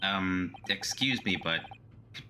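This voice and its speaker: A man's voice: low voice, takes it slowly, bright, forceful tone, slight background noise, full character voice. A man voicing a polite, nervous young male lawyer in a game, hesitant and stammering. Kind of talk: fan voice acting of a game.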